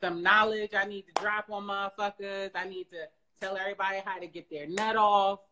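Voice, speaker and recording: A woman's voice: mid-range voice, fairly even intonation, a little fast, noisy background. A woman talking on a podcast, telling a personal story bluntly with lots of swearing and asides to her co-host. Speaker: podcast guest. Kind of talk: casual podcast chat.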